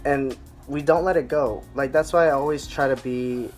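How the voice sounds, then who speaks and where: A young man as a guest in casual chat, talking in a relaxed, reflective way with many "you know" fillers. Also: medium pitch, moderate pace, faint music behind.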